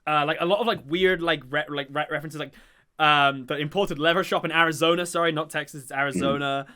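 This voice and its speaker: A man talking fast in a bright, forceful voice that sits a little high. He hosts a casual, rambling chat, full of fillers and eager asides. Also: fairly even intonation. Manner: enthusiastic, rambling, many fillers. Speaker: podcast host. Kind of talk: casual chat about a TV show.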